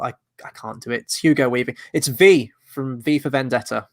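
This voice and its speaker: A man co-hosts a film quiz and rambles through his answers with light jokes. His voice is mid-pitched and conversational. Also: a little fast, hardly any pauses. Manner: rambling, jokey. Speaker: quiz co-host. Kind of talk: casual quiz chat.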